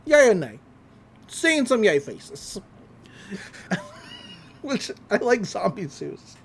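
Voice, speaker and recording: Podcast host: animated, laughing storyteller, lively pitch. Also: very slow, pauses often, husky. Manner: animated storytelling, laughs often, slips into character voices. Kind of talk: casual episode recap.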